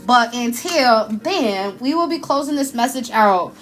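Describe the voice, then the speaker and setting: A woman's voice: fairly high pitch, lively intonation, unhurried, faint music behind. A woman, giving an emotional, effusive live tarot reading in casual slang. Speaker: tarot reader. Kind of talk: live spiritual card reading.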